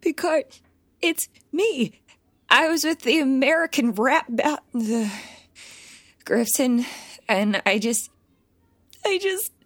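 A woman's voice: high-pitched, expressive, slow, long pauses, no echo, full character voice. A woman voicing an awkward, flustered young German man who stammers, in an audio drama. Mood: tearful.

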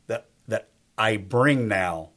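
A man's voice: on the low side, slow pace, a bit bright. A man in his fifties, a guest in a faith-based conversation, who talks emphatically in a preacherly rhythm and repeats his key lines. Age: 50s. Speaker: guest on a faith talk show.

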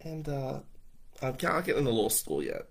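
A man's voice: mid-range voice, big pitch swings, normal speed, gravelly, breathy edge. A man telling a personal story in a casual, profane, conversational way, often checking in with "right?".

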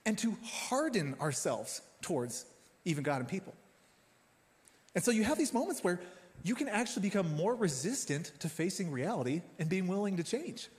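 Animated male pastor in a reverberant hall. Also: sits high. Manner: animated, conversational, addresses the congregation directly. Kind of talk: sermon with personal stories.

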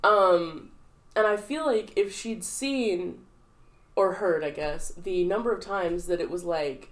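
A young woman from the southern United States chats on a podcast, her voice sitting a little low. She rambles through an anecdote, full of "like" fillers, and swings her pitch widely when she quotes people. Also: slow. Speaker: podcast co-host. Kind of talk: casual chat.

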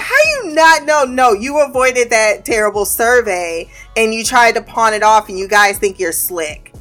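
A woman venting in a casual monologue about her remote team, profane and laughing as she tells it. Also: on the high side. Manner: profane, laughing, animated storytelling.

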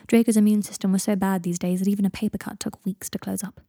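Woman reading a story, soft breathy voice, mellow and close. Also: medium pitch, flat delivery, fast talker, no echo. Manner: soft voice, dropping into whispers for narration tags. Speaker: fan fiction reader. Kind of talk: audiobook narration.

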